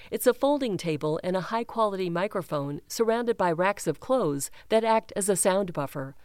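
A woman reading a news feature aloud in a measured, even way, first describing a photograph and then telling the story. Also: mid-range voice, clean tone, dry recording, clean studio sound. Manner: measured, even, reads quotes without acting them. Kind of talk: scripted news narration with image description.

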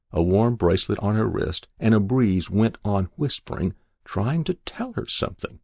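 A man narrating a literary short story in a measured, expressive way. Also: on the low side, vocal fry, husky, no echo. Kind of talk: scripted narration.

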